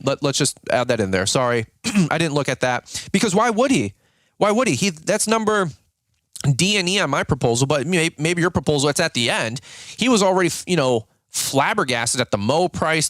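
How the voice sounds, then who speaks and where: Blunt, excitable man giving business advice. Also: medium pitch, no room sound, clean studio sound. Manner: blunt, excitable, crude jokes; acts out client conversations. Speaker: podcast host, lawn care business owner. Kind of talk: casual business advice talk.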